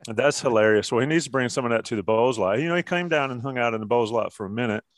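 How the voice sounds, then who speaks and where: A man's voice: mid-range voice, quick pace, no echo. A man hosting a casual sports podcast, joking around and steering the talk to the next topic. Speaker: podcast host.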